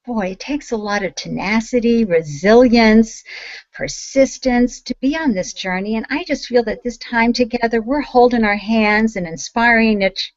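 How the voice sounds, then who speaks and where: A woman's voice: a little high, no room sound, highs cut off. A woman hosting an online talk show, bubbly and effusive as she introduces her guest. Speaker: host.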